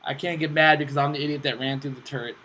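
On poor audio with slight background noise, a fast-talking man with a somewhat high voice runs his own gaming channel. He's excitable, chatting to himself and his teammates while he plays, flipping from self-mocking humor to bursts of frustration.

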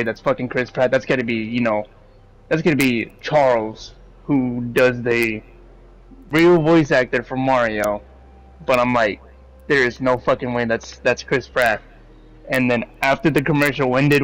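Male host, casual review chat, rambling and profane, mid-pitched voice. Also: poor audio. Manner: rambling, swears freely, animated opinions.

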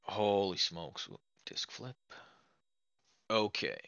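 A man hosting a let's play, chatting to viewers in a chatty, excitable way as he plays an old computer game. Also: fairly low pitch, slow, vocal fry, dry recording, lo-fi sound. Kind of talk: casual game commentary.

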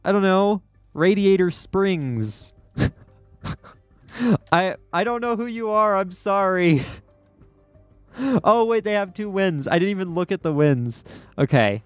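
A man giving excitable gameplay commentary as a YouTuber, yelping and laughing often as things happen. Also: high voice, clean tone, no echo, soft background music. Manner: excitable, quick to yelp and laugh. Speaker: gaming YouTuber.

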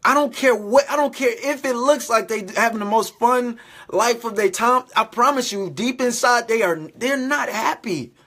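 A man's voice: very high voice, moderate pace, bright, forceful tone. A man giving an informal sermon to online viewers, exhorting them, repeating phrases and calling them "guys". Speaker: preacher.

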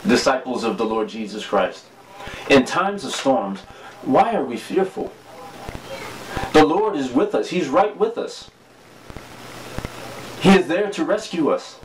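Earnest pastor preaching from home. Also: male voice, medium pitch, echoey room, far from the mic, a little hiss or hum, poor audio. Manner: earnest, preaching with rising emphasis. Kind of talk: sermon.

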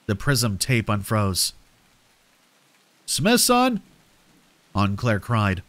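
A man reading a scripted horror story aloud in a measured, dramatic way. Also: fairly low pitch, fairly bright tone, dry recording.

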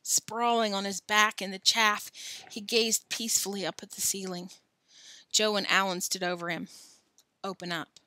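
A woman reads a children's storybook aloud in a bright, clear voice. Her delivery is expressive and unhurried, with small casual asides. The sound is dry and close to the mic. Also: medium pitch, no room sound. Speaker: storybook reader. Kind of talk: reading a children's novel aloud.

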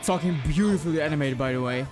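A young man swearing freely as he reacts casually to an anime opening and ending, loud and excited at times, hushed and quiet when moved. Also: on the high side, quick pace. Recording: faint music playing behind. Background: anime music playing.

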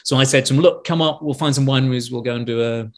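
A man, a podcast guest telling animated anecdotes in casual chat and mimicking the voices of people he met. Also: mid-range voice, fast talker. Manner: animated storyteller who often acts out voices of others.

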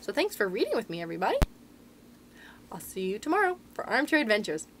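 A woman librarian reading a children's storybook aloud in an expressive, sing-song storyteller manner. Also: medium pitch, quick pace, slight background noise.

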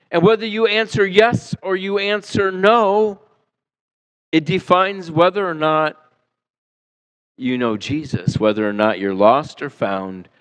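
A male pastor preaching a sermon in a church, animated and conversational, acting out the people he quotes and asking his listeners questions. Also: a little high, low-quality recording. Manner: animated, acts out quoted voices, asks the congregation questions. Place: church sanctuary.

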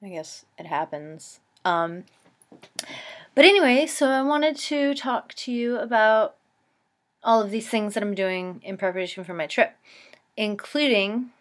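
A woman's voice: medium pitch, a little slow. A woman in her twenties from the East Coast of the United States, chatting to her camera at home in a rambling way full of "like" and "um". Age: 20s. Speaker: vlogger. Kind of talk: casual chat to camera.

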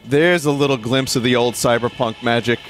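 A man's voice: mid-range voice, fairly even intonation, moderate pace, faint music behind. A man in his thirties giving casual, joking gameplay commentary to his chat, often swearing. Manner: joking, profane, talks to chat. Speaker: streamer.

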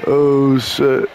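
A man trash-talking loudly and profanely at his opponent while playing a video game, laughing often. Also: medium pitch, a little hiss or hum. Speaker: gamer.

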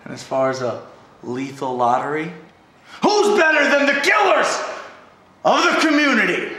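A man gripes excitably in a wrestling promo, his very high voice swinging around a lot. The recording is heavily echoey. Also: moderate pace. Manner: excitable, complaining. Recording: very echoey room.

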